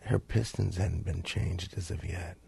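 A man's voice: sits low, fairly even intonation, measured pace, creaky, darkish tone, breathy edge, dry recording, heavily acted. A man playing a sleazy, evasive male auto mechanic in an improv comedy sketch.

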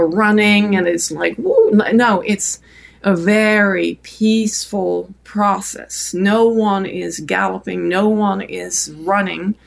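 A woman with a French accent recounts her travels at length, as a podcast guest. Her voice sits at an ordinary middle pitch with a gravelly edge of vocal fry, and she tells the story in a loose way, full of fillers. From France. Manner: warm anecdotal storytelling with many fillers.

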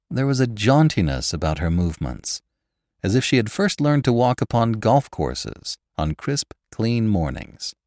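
A man narrating a classic novel in an expressive, measured reading. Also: low voice, dry recording, clean studio sound. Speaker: audiobook narrator.

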